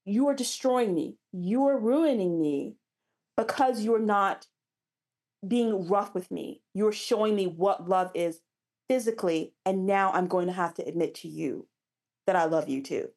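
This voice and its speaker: A woman's voice: mid-range voice, a little slow, a little mellow. Romance queen heroine, breathless and pleading, read by a woman author. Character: proud young queen heroine in love.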